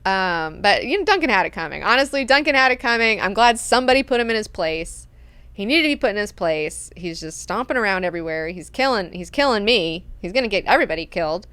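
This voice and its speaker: A woman hosting a book club, recapping chapters in an animated, slangy, profane way. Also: mid-range voice, fast, smooth, dry recording.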